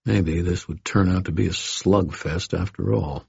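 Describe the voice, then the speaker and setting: A man with a very low, deeply husky voice narrates a first-person story. His delivery is measured and gently wry, and the recording sounds dull and lo-fi. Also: fairly even intonation, dry recording. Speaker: audiobook narrator.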